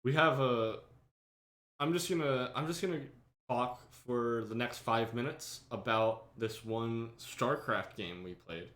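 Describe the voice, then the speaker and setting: Male podcast host, bright and forceful tone, animated storyteller who voices the quotes. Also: mid-range voice, measured pace. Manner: animated, acts out friends' lines loudly, laughs. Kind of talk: casual storytelling chat.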